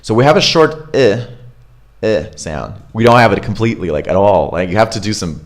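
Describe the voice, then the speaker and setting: A man, coaching pronunciation in a relaxed, chatty way. He models words slowly one by one and keeps asking "right?" to check that his listeners follow. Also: on the low side. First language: Russian. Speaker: accent coach. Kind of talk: casual pronunciation lesson.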